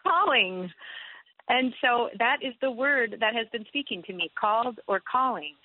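A woman's voice: on the high side, lively intonation, moderate pace, no room sound. A woman calls in to a radio show, grateful and a little choked up, and she rambles as she talks. Her voice comes through a tinny telephone line, and the sound is dry. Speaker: caller. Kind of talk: call-in radio talk show.

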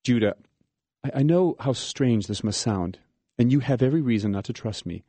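Brief: man doing an earnest, apologetic tax collector for a dramatic reading, husky and quick. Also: mid-range voice, animated, dark tone, dry recording.

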